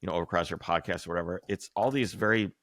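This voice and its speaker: A man hosting a casual chat, speaking in a reflective, steady way. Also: low-pitched, very fast, no room sound. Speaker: podcast host.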